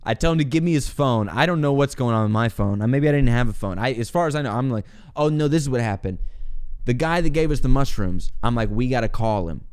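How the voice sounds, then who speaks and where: A young man hosting a podcast, telling a long personal story in a casual, animated way, laughing often and acting out what he said back then. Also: medium pitch, fast talker, smooth. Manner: animated, laughs often, acts out his own past lines. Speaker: podcast host.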